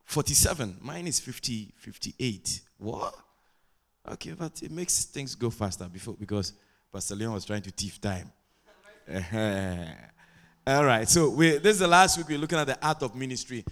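A man preaching a sermon as pastor, chatting with the congregation and building to loud sing-song preaching. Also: medium pitch. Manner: asks the congregation for responses.

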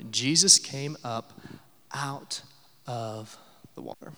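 A man's voice: mid-range voice, moderate pace, fairly bright tone, in a large hall. A young adult man preaching a sermon as pastor, conversational, with filler uh's and rhetorical questions.

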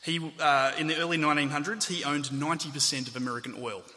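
A man's voice: on the high side, steady tone, fast, sharp tone. A man preaching a sermon in a conversational way, with asides and self-corrections. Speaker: pastor. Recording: long hall reverb.

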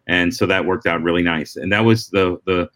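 A middle-aged man, a comedian, answering interview questions in relaxed storytelling with frequent restarts and asides. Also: low-pitched, normal speed. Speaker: comedian and former talk-show warm-up act.

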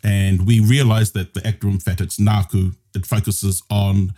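A man's voice: fairly low pitch, level tone, moderate pace, warm tone. A man with a New Zealand accent teaching Māori grammar as a podcast guest, explaining patiently and switching between Māori and English. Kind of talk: casual podcast lesson.

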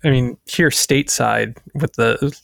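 A man co-hosting a podcast in casual chat, relaxed and hesitant, with frequent uhs. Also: mid-range voice, measured pace, creaky, no echo, studio quality. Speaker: podcast co-host.

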